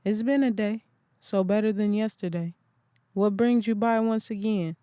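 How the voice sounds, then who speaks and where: A reader voicing a calm older spiritual woman in an audiobook who gives soothing, assured counsel. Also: medium pitch, normal speed, smooth, no room sound, studio quality, voice pushed up, close to an everyday voice. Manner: soothing, assured, calls others child. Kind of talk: audiobook character voice.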